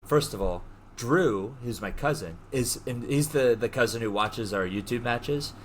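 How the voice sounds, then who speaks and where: A young man co-hosting a podcast, telling a story in an animated way, laughing and swearing as he goes. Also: mid-range voice, measured pace, a little hiss or hum. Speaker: podcast co-host. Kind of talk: casual storytelling chat.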